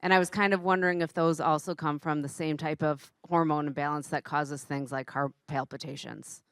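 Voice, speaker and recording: A woman asks the panel a question from the audience. Her voice is low and dry, and she sounds grateful and earnest. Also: flat delivery, a little fast, clear, resonant tone, no room sound. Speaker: audience member.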